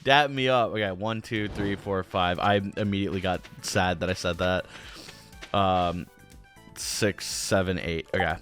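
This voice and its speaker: A man's voice: low-pitched, steady tone, a little slow, a bit bright, soft background music. A young man hosting a casual game playthrough, rambling with lots of "um"s and jokey slang. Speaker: gaming channel host. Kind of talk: casual let's play commentary.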